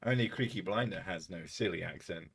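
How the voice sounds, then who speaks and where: A man's voice: low voice, brisk, creaky, fairly bright tone, husky. A man from England with a southern English accent, chatting casually on a livestream, swearing freely and laughing often. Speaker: streamer.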